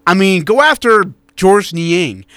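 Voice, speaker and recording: A man co-hosting a sports talk radio show, chatting in a blunt, animated way and reading out listener texts. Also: sits high, takes it slowly, no room sound.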